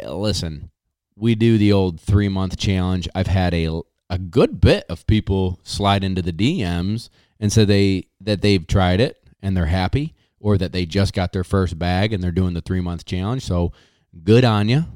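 A man hosting a casual podcast, reading sponsor spots in a hyped, slangy way with drawn-out catchphrases. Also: deep voice, darkish tone, no echo, clean studio sound. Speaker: podcast host.

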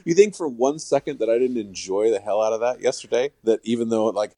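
A man's voice: medium pitch, a little fast, mellow, no echo. A man appearing as a sportswriter guest on a podcast, rambling and self-mocking in casual chat.

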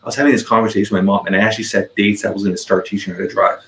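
A man's voice: on the low side, fairly even intonation, rapid-fire, roomy sound, a crowd in the background, low-quality recording. A man in his forties, a podcast guest, telling a story in casual conversation, rambling and repeating words as he goes.

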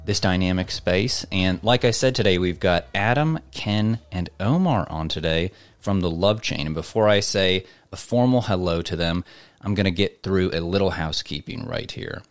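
A man's voice: sits low, normal speed, no room sound. A chatty, upbeat man hosting a live crypto AMA. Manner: chatty, upbeat, lots of fillers. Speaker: host.

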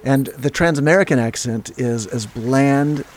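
Deadpan man bluffing as an expert. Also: medium pitch, measured pace, slight background noise. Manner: deadpan, mock-earnest expert bluster. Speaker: comedy podcast guest. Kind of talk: improvised comedy chat. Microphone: remote call.

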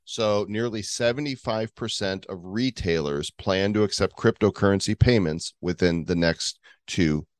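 A playful man co-hosts a casual news chat, reading stories aloud and joking as he goes. His voice sits low. It sounds dry and close to the mic. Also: normal speed, few pauses, no echo. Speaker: podcast co-host.

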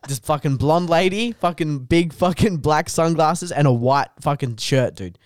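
A man's voice: fairly high pitch, normal speed, no room sound, clean studio sound. Swearing guy telling a story. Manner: animated storytelling, heavy swearing. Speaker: comedian guest. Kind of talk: casual podcast chat.

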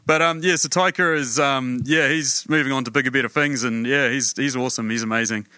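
A young man from New Zealand with a New Zealand accent and a very bright, ringing voice tells stories as a podcast guest. He is chatty and laughs often. The recording is close and dry. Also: medium pitch, steady tone, a little fast, no room sound. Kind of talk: casual podcast chat.

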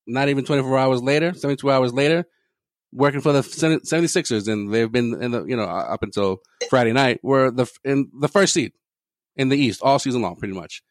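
A man's voice: medium pitch, brisk, dry recording. A man co-hosting a casual sports podcast, rambling and profane, laughing often between points. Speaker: podcast co-host.

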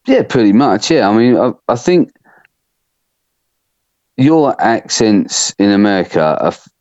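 A man's voice: on the low side, animated, unhurried, a little mellow, no echo. A man with an English accent, a dairy farm worker and guest, talking in casual chat with dry, self-mocking humor. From England. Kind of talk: casual chat over a phone call. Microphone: phone call. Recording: muffled phone-line audio.

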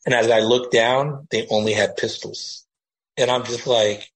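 A man's voice: mid-range voice, steady tone, a little slow, rough recording. A middle-aged retired army master sergeant from the United States, telling his story in a blunt, casual way full of slang and fillers. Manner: blunt, slangy, full of "you know" and "bro".

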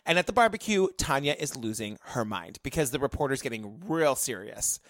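A podcast co-host retelling a documentary in casual chat, expressive and laughing along. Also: mid-range voice. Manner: expressive storyteller, laughs along, quick affirmations.

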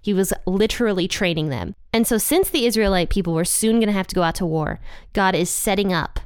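A woman teaching a casual Bible lesson, chatty and self-deprecating, slowing down to stress key points. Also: mid-range voice, clean tone, dry recording, clean studio sound. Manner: chatty, laughs at herself, slows down to stress points.

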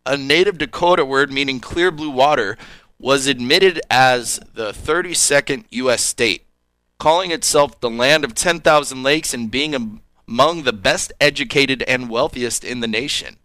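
A man from Southern California co-hosting a radio show, chatting lively and reading history facts. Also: mid-range voice, normal speed, no echo. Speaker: radio co-host.

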